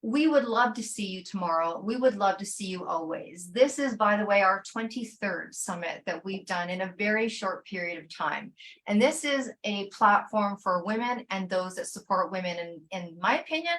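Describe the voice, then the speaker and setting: A woman's voice: mid-range voice, lively intonation, normal speed, a bit bright. Effusive woman summit host. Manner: effusive, with many fillers. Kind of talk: hosting an online summit.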